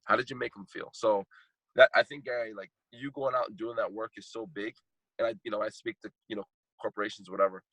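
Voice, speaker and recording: A man's voice: fairly low pitch, fairly even intonation, fast talker, fairly bright tone, no echo, rough recording. A man telling a heartfelt personal story as a podcast guest, earnest and repeating phrases for emphasis. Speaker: guest speaker and coach.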